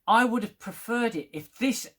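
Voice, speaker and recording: A man's voice: very high voice, animated, normal speed, sharp tone. A man giving a rambling, casual spoken TV review, swearing and getting worked up as he talks. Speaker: TV review vlogger.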